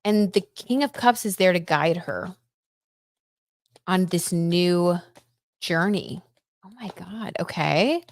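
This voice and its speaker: A young woman hosting a casual live-stream tarot reading, chatty and excitable, reading out viewer comments and reacting with frequent exclamations. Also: fairly low pitch, takes it slowly, pauses often, dry recording. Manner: chatty and excitable, lots of "oh my god" and "like".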